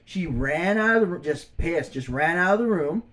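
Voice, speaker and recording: A man's voice: on the high side, lively intonation, moderate pace, a bit bright. A man in his thirties telling a personal story as a vlogger, casual, slangy and exasperated.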